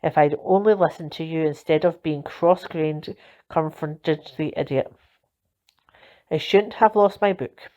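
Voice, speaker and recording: A woman's voice: deep voice, a little slow, mellow. A woman voicing a mild, apologetic middle-aged uncle in a storybook reading, earnest and contrite. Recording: dull lo-fi recording.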